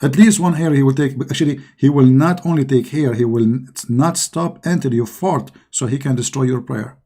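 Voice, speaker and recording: A middle-aged man talks through a scoffing monologue, heavy with sarcasm and loose, non-native grammar. His voice sits low in brightness, mellow and a little husky. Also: normal speed. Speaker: online commentator. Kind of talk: mocking religious-critique monologue.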